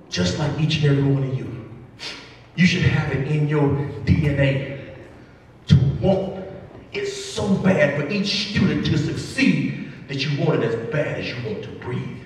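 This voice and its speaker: A man telling a story in a keynote speech to educators, animated and repetitive, building emphasis with each line. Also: fairly high pitch, measured pace, a little hiss or hum. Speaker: motivational speaker to educators. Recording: echoey hall, mic far off.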